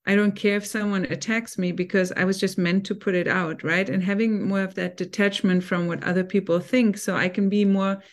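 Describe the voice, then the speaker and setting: An earnest woman speaking as a podcast guest. Her voice sits at a middling pitch, and she explains her points steadily, often pausing to check that she is understood. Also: fairly even intonation. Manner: earnest, keeps checking in with "right?". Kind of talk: conversational interview.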